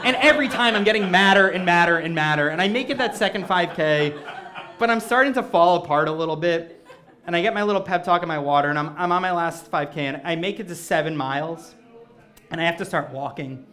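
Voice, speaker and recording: Animated self-mocking male comedic storyteller. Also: a little high, brisk. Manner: animated, self-mocking, acts out quoted voices. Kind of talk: stand-up storytelling. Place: stage before a live audience.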